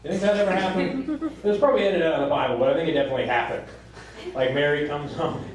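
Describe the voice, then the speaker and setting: A man performing a stand-up comedy set on stage, with a deadpan delivery that jumps into high squeaky voices when he quotes people. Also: rapid-fire, noisy background. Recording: live club recording from a distance, echoing room, crowd laughter. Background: audience laughter.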